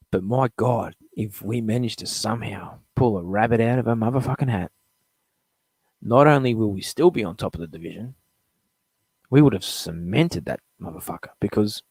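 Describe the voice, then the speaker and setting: A man's voice: on the low side, darkish tone, breathy edge, dry recording. Fired-up swearing male sports host. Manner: blunt, swearing, fired up, rambling. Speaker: live show host. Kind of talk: profane sports fan rant.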